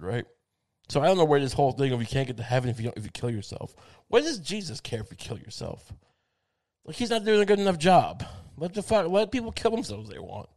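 A man's voice: on the high side, a little mellow. A man hosting a podcast, delivering a crude, rambling comedic monologue with lots of profanity, stammered restarts and acted-out quoted voices. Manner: acts out quoted voices in bits.

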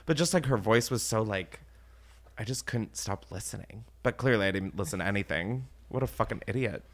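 Excitable rambling young man, lively pitch. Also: fairly quick. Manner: rambling, excitable, swears often. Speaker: podcast host. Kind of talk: casual chat.

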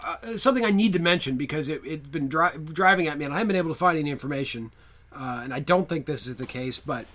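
Casual podcast co-host, man, high bright voice, rambling and laughing. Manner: rambling, laughs often, digressive. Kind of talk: casual chat.

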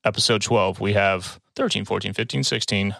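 A man's voice: on the low side, moderate pace, creaky, no room sound, studio quality. Joking man hosting a podcast. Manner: animated, joking, rambling, speeds up when excited. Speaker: podcast host. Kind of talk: casual podcast chat.

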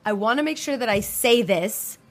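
Woman chatting, lots of "you know"s, kinda high voice. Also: moderate pace, faint music behind. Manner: animated, with many fillers. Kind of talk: casual chat.

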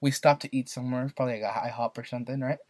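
A young man from California co-hosts a casual podcast, pitched in a middle register. He rambles through his stories with fillers and restarts, and his voice sits dry and close to the mic. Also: fairly even intonation, very fast, darkish tone, no echo. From Santa Maria, California. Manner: rambling storyteller, many fillers and repeats. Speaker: podcast co-host. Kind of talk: casual chat.

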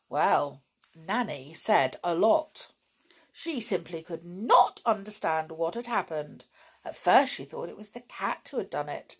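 Lively woman reading a children's story. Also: lowish voice, a little slow, breathy edge. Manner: lively, cosy and chatty with young listeners.

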